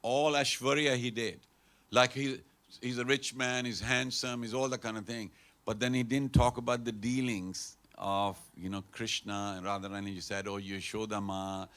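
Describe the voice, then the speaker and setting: A man's voice: mid-range voice, steady tone, normal speed, fairly bright tone. A man giving a conversational storytelling talk at a temple, acting out the characters in his stories. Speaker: temple speaker. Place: temple hall.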